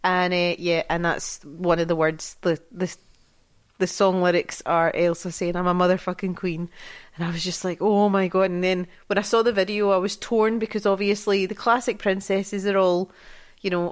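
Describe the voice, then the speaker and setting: Female co-host, casual chat, lively storyteller who laughs easily. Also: lowish voice, moderate pace, smooth. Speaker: podcast co-host.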